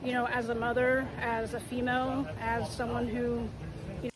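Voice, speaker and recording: A woman interviewed out on the street, speaking hesitantly and with sympathy, her voice a little high. A crowd and traffic are clearly heard behind her. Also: flat delivery, moderate pace, poor audio.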